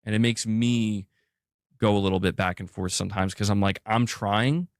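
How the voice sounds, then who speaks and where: A man speaking on his own stream in an earnest, halting way, full of fillers. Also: fairly low pitch, noisy background. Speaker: streamer in played clip. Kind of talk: casual stream talk.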